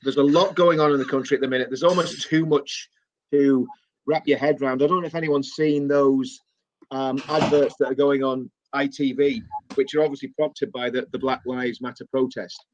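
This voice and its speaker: A man's voice: medium pitch, no room sound, lo-fi sound. A man hosting a live stream, hesitant and full of ums and slips. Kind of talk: casual live-stream talk.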